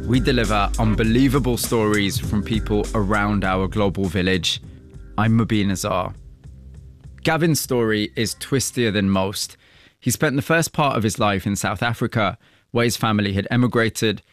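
A man presenting a radio program, mixing scripted narration with measured, empathetic interview questions. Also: on the low side, soft background music.

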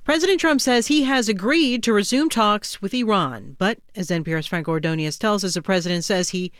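A woman newscaster reading headlines in a measured, formal way. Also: medium pitch, no echo, studio quality. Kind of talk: news reading. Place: dry radio studio.

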